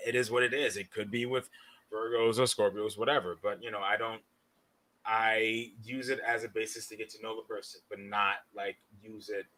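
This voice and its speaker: A man's voice: on the low side, bright, forceful tone. A young man on a podcast, speaking in a loose, rambling way with a dry sarcastic edge. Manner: loose and rambling, many fillers, dryly sarcastic. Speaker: podcast co-host. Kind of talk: casual podcast chat.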